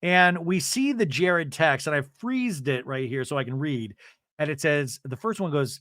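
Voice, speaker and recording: A man's voice: on the high side, moderate pace, no room sound, clean studio sound. A man hosting a podcast, recapping a reality show in a casual, rambling, laughing comedic style. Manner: animated, rambling, laughs often. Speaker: podcast host.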